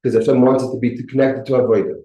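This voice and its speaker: A man's voice: medium pitch, little pitch movement, very fast, warm tone. Man teaching a Torah class, echoey room. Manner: mixes Hebrew and Yiddish terms into English, repeats words as he thinks. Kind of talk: Torah class explaining a text.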